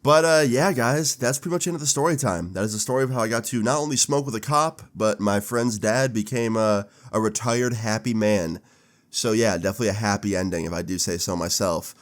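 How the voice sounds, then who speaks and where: A young man in his twenties telling a casual storytime, animated and swearing with laid-back slang. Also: on the low side, fairly quick. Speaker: storytime vlogger.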